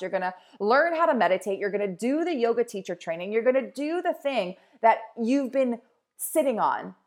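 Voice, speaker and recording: A woman's voice: mid-range voice, a little mellow. A woman in her thirties hosting a podcast, talking to listeners in an emphatic, repetitive pep-talk style. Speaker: podcast host. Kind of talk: motivational podcast monologue.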